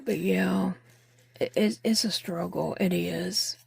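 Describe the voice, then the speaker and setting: A woman's voice: fairly low pitch, fairly even intonation, takes it slowly, creaky, a little mellow, slightly rough. A woman vlogging while crafting, chatting candidly and rambling with fillers, sounding tired and short of breath. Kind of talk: casual chat while crafting.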